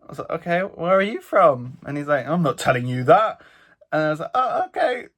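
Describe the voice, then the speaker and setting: A man from England with a British accent, recapping his solo trip in a chatty, animated vlog with a slightly stuffy nose. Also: fairly high pitch, fairly quick. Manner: chatty, animated storytelling with lots of "like". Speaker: vlogger. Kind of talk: casual travel vlog recap.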